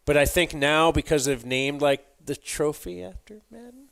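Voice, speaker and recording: A man's voice: a little high, expressive, normal speed, gravelly, a bit bright. A man co-hosting a podcast, chatting casually about sports in a laid-back, rambling way with lots of fillers. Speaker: podcast co-host. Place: live stream from a club.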